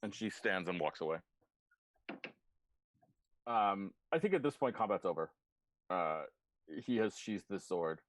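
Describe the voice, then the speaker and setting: A man runs a tabletop game with a fairly low voice, narrating in a relaxed, amused way full of little fillers. The sound is dry and close to the mic. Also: measured pace, long pauses, dry recording. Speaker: game master.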